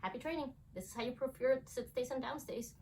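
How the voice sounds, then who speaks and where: A woman's voice: high voice, lively intonation, fast talker. A young woman dog trainer explaining to camera during a training demonstration at home, breaking off to praise her dogs cheerfully. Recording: distant camera mic, faint room noise.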